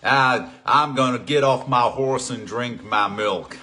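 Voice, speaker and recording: A man putting on a playful, hammy cowboy voice with a slow drawl. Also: mid-range voice, bright, forceful tone, full character voice.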